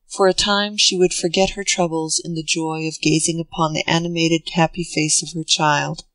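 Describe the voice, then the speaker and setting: A narrator reads a classic novel in a measured, even pace. The voice sits at a plain middle pitch, recorded dry and close with no room sound. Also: no room sound, poor audio. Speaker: audiobook narrator. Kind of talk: scripted narration.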